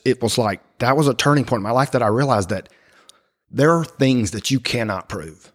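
A middle-aged man sharing his personal faith story in conversation, speaking haltingly with many fillers and restarts. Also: mid-range voice. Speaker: guest.

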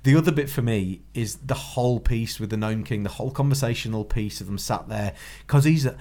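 A man's voice: mid-range voice, fairly quick. A man chats about films on a podcast at an easy pace. He hesitates and restarts often, with ums and uhs, in a plain mid-range voice. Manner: relaxed, hesitant, with many fillers. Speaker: podcast co-host. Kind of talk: casual film review chat.

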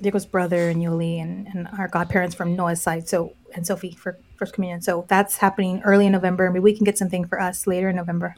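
A woman hosting a podcast, chatting casually with friends and telling lively stories while switching between English and Spanish. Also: fairly low pitch, fast talker, hardly any pauses, slight background noise. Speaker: podcast host. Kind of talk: casual chat among friends.

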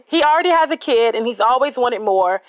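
A woman's voice: on the high side, lively intonation, normal speed, dry recording, low-quality recording. A woman telling a personal true story in a candid, conversational and dramatic manner.

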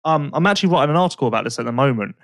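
A man's voice: medium pitch, animated, very fast, no room sound, studio quality. A young man co-hosting a casual podcast, rambling and correcting himself. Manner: rambling, self-correcting, chatty. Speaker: podcast co-host.

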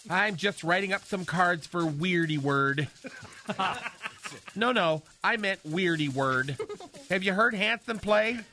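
A man's voice: high voice, noisy background. A man playing a flamboyant, theatrical gay character in a radio comedy sketch, talking in a sing-song, gossipy way. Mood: gleeful scheming. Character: flamboyant campy gay man, chatty and dramatic.

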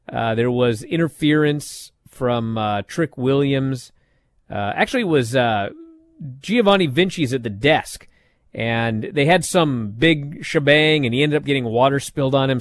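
A man talks through a wrestling show in a loose podcast recap. His pitch swings up and down as he tells it, with frequent fillers, and the sound is dry with no room echo. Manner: animated storytelling with frequent fillers.

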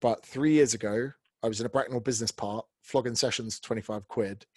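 A man hosting a casual podcast chat, blunt and animated, swearing freely as he talks about his work. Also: mid-range voice, brisk, slightly rough, dry recording. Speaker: podcast host, fitness coach and author.

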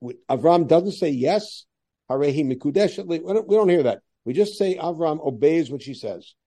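Male rabbi lecturing, animated, pitch slightly high, dark tone. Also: normal speed. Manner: animated lecturer voicing quoted lines. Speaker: rabbi teaching a Bible class. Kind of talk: classroom lecture.

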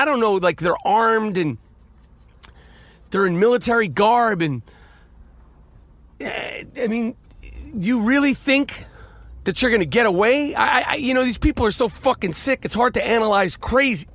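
A man's voice: high voice, a bit bright, no echo. A man hosting a solo podcast from his car, rambling and profane with many restarts, his voice congested from a nasal infection. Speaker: podcast host. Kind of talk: casual solo podcast monologue.

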